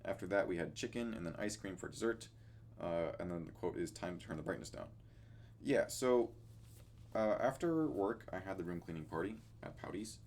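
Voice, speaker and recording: Low-voiced young man rambling through a weekly recap. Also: lively intonation, moderate pace, a little mellow, slight background noise. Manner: rambling, loses his train of thought; easygoing and self-deprecating. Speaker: vlogger. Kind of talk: casual weekly recap vlog.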